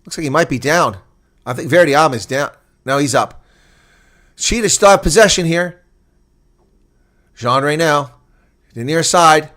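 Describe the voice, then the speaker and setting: A man giving live watch-along rugby play-by-play, swinging from calm asides to excited shouting on breaks. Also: on the high side, unhurried, long pauses. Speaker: rugby commentator.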